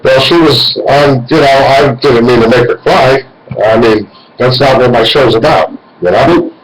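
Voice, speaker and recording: A man's voice: medium pitch, measured pace, a crowd in the background, rough recording. Rambling call-in host man in his forties. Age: 40s. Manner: rambling, meandering delivery. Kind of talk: casual call-in talk.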